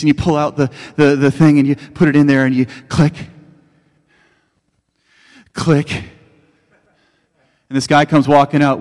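A man with a high, light voice preaches a sermon in a large hall that rings with long reverb. He talks conversationally, telling stories, then climbs into fervent, ringing exclamations. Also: level tone, slow, long pauses, a little mellow. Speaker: pastor.

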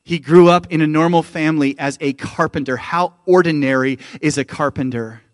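A Canadian man preaching a sermon as lead pastor. He is emphatic and keeps calling out to the church. His voice sits a little high and sounds close and dry, with no room echo. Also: normal speed.

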